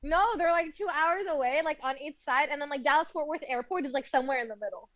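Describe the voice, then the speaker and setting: Young woman from Arizona, a bit high, rattles things off quickly, casual podcast guest, dull lo-fi recording. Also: a bit bright, no echo. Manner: chatty, heavy use of "like". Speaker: guest, law student.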